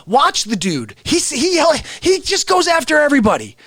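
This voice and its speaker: A man hosting a live stream, an impressionist talking in a rambling, animated way straight to his viewers. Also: very high voice, normal speed, hardly any pauses, no echo. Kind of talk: casual live-stream rant.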